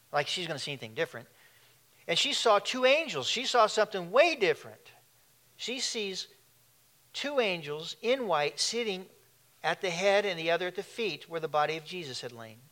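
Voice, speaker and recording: A man with a high, pushed, bright voice preaches a sermon conversationally, tossing in asides and questions for the congregation. He is a pastor.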